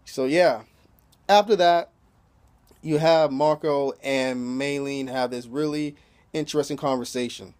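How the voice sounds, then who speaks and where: A man's voice: medium pitch, unhurried, a little mellow, clear, resonant tone. A man casually recapping a TV episode in loose, profane talk, filling his sentences with "you know" and chuckling as he retells scenes. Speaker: TV episode reviewer.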